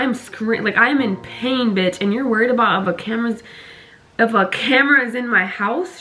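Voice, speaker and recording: A young woman telling her story in a casual vlog, talking fast, swearing and filling with "like" all the way through. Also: fairly high pitch, soft background music. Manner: fast, heavy on "like", swears, animated retelling. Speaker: vlogger.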